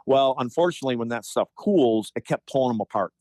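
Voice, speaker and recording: A man in his fifties, a former hockey player, telling animated stories on a podcast with lots of restarts. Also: mid-range voice, quick pace, no room sound. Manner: animated anecdotes, frequent restarts and profanity in quotes. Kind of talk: casual storytelling chat.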